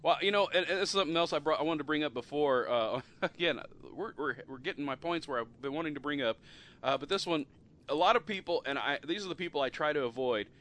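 A man's voice: on the high side, fast, fairly bright tone. A middle-aged man hosting a casual podcast chat, talking loosely with frequent laughs and trailing off at the ends of sentences. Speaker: podcast host.

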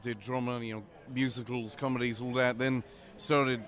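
A man's voice: medium pitch, flat delivery, normal speed, fairly bright tone. A man, a professional cosplayer, answering interview questions in a playful, joking way. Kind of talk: casual interview.

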